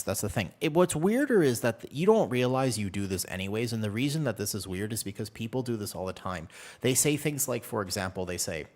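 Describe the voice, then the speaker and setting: A young man chats casually with his viewers while he plays a game, joking his way along. His pitch leaps around a lot, and his voice sits in an ordinary middle register for a man. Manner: animated, joking, chatting to viewers. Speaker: streamer. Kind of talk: casual gaming stream chat.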